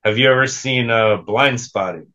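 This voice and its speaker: Young guy cohosting a podcast, bright tense voice, swears a ton, chill. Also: mid-range voice, moderate pace, lo-fi sound. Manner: laid-back, swears a lot, laughs often. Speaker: podcast co-host. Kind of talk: casual podcast chat.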